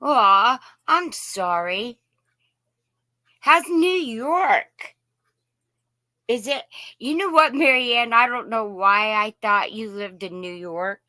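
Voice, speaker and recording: Hosting a relaxed live stream, an Indiana woman welcomes her viewers by name with folksy warmth. She talks slowly at a medium pitch in a bright, forceful voice, recorded with no room sound.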